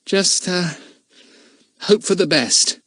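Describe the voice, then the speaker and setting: A man's voice: high-pitched, fairly bright tone, no room sound, clean studio sound, pitched above the performer's own voice, exaggerated voice. A man doing a fiery, defiant schoolboy. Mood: sullen. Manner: raised, indignant and fast.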